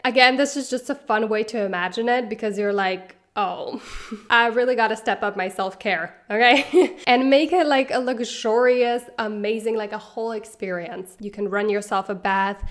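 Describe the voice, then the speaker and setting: A young woman in her twenties talks straight to camera, sharing self-help tips in a chatty, upbeat way. She laughs easily and keeps a friendly, conversational flow, with a voice of ordinary middle pitch. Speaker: self-help video creator. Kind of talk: casual advice talk to camera.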